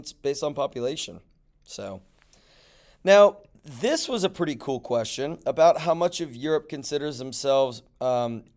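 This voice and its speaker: A male teacher goes over guided notes in a recorded classroom lesson, speaking animatedly and tossing in mock-surprised asides. His voice is medium in pitch with a darkish tone.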